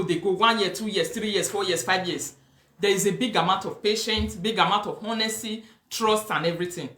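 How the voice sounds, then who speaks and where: A Nigerian-accented woman hosts a live stream, lecturing viewers with emphatic, repeated points in a blend of Pidgin and English. Her voice sits at an ordinary middle pitch for a woman. The room around her is roomy and echoey. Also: bright, forceful tone. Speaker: host of a live talk show. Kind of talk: live-stream commentary, reading viewer comments.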